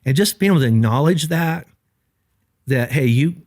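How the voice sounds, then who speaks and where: A man's voice: fairly high pitch, moderate pace, no echo, studio quality. A middle-aged man, a pastor, talking earnestly in a podcast conversation and acting out the quoted lines of the people in his stories. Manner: earnest, animated, acts out quoted dialogue.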